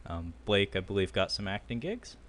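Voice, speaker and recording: A man with a low voice co-hosts a movie podcast, walking his partner through a documentary's ending. He chats casually and breaks into quoted lines with sudden energy. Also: moderate pace. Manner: animated storyteller, acting out quotes with loud bursts and laughter. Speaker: podcast co-host. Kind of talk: casual film recap chat.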